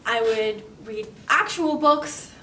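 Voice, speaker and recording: A seventeen-year-old young woman from North Carolina tells a lightly humorous personal story in a brisk way. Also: on the high side, bright, forceful tone, reverberant, recorded from a distance, a little hiss or hum. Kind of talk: personal anecdote told to camera.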